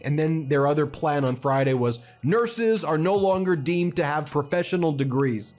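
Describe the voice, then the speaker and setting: A man's voice: on the high side, normal speed, few pauses, darkish tone, faint music behind. A man giving impassioned political commentary, indignant in tone.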